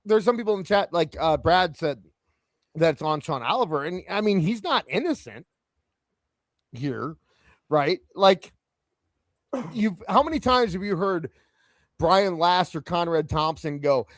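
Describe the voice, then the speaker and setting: A man hosting a casual podcast, his slightly high voice swinging lively up and down. He jokes and rambles with plenty of fillers. The sound is dry and close. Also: a little slow, pauses often, no room sound. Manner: animated, joking, lots of fillers. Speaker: podcast host. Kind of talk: casual chat.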